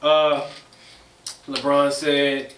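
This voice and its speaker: A man's voice: fairly high pitch, completely flat delivery, extremely slow, fairly bright tone, far from the mic. Easygoing man in an echoey room. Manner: laid-back, short agreeing replies. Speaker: co-host. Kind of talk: casual podcast chat, reading news. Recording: echoey room, voice off-mic, faint noise.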